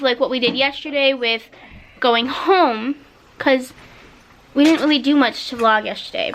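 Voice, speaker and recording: A young woman talks to her camera in a hotel room, rambling along with plenty of fillers. Her voice sits high. A faint hiss runs behind her. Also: a bit bright. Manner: rambling, chatty, many fillers. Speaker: student vlogger. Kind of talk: casual vlog chat.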